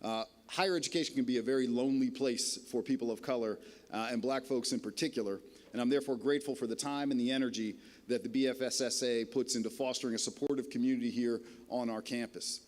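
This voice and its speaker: A man's voice: medium pitch, fairly even intonation, quick pace, a little mellow. A man giving a ceremony speech as a college dean, wry and self-deprecating, with frequent "uh" fillers. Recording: long reverb of a large hall.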